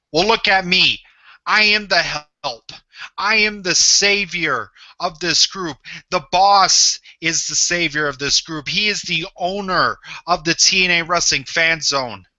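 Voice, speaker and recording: Slow, bright-voiced man cutting a wrestling promo. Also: fairly high pitch, dry recording. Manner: boastful, threatening, repeats names for emphasis. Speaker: fan wrestling promo talker. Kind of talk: wrestling trash-talk promo. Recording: dull lo-fi audio.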